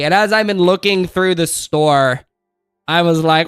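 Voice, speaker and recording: A man's voice: fairly high pitch, unhurried, fairly bright tone, clean tone, dry recording, studio quality. A young man ranting in exasperated let's play commentary while hosting his gaming channel, repeating phrases and calling everyone dude.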